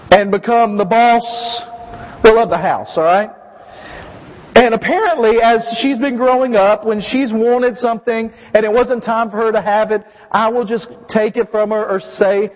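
A pastor in his thirties preaches with a notably high, light voice, pressing his listeners with emphatic questions. The sound rings with long reverb through a church hall, and the recording itself is somewhat dull and muffled. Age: 30s. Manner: emphatic, asks the congregation questions. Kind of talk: sermon.

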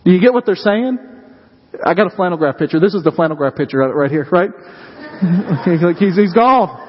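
Storytelling pastor in a reverberant church. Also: male voice, high-pitched, a little fast, breathy edge. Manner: conversational storytelling with rhetorical questions to the congregation. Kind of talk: sermon. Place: church sanctuary. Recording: dull sound with long reverb in a hall.

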